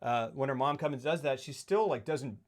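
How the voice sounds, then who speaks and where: A man co-hosting a casual film discussion, animated and acting out quotes in put-on voices. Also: medium pitch, fairly quick. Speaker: podcast co-host.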